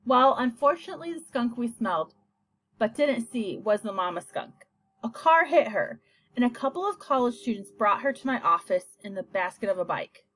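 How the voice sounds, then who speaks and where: A woman voicing a patient mother who is a veterinarian, explaining things calmly and gently in an audiobook reading. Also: on the high side, normal speed.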